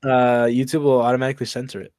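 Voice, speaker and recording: A young man co-hosting a podcast in casual chat, loud and joking, swearing and bursting into silly high voices. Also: flat delivery, rapid-fire, dry recording, studio quality. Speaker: podcast co-host.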